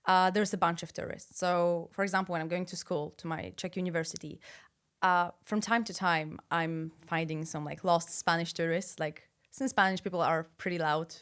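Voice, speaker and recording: Chatty young woman, low-pitched. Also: steady tone, moderate pace, fairly bright tone, smooth. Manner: chatty, laughs often, many fillers and restarts. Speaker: guest. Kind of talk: casual interview chat.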